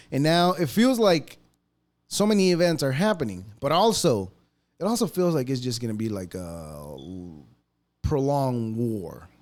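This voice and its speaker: A man's voice: on the high side, darkish tone. A man hosting a podcast, ranting casually in a profane, mocking way. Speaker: podcast host. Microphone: podcast mic.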